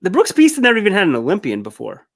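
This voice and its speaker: A man co-hosting a casual sports recap, talking in a lively, animated way. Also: high voice, rapid-fire, gravelly. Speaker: co-host.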